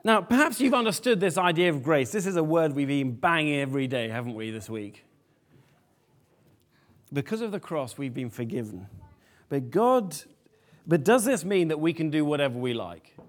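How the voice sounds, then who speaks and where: A man preaching a sermon to a family congregation, lively and animated, often asking the room questions. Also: fairly high pitch, moderate pace.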